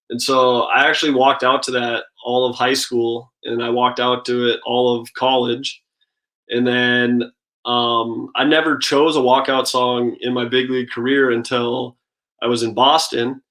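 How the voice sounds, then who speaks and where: Flat-voiced man telling laid-back stories. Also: mid-range voice, normal speed, low-quality recording. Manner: relaxed storytelling, lots of "like" and "I mean". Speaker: guest, professional baseball pitcher. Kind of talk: casual interview chat.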